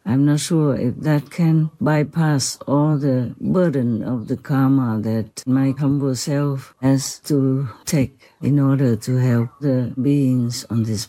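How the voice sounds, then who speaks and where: A humble, reverent spiritual teacher in a devotional spoken dialogue, soft-spoken with gentle laughs and a slightly strained voice. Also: mid-range voice, rough recording. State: voice a little strained.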